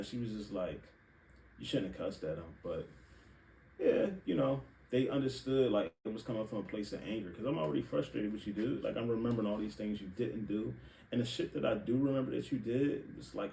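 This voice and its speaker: A man's voice: on the low side, creaky. Frank young man, distant echoey mic. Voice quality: frank, profane, animated storytelling. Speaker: podcast host. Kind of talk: candid personal monologue. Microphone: live stream setup. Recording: echoey room, distant mic, faint hiss.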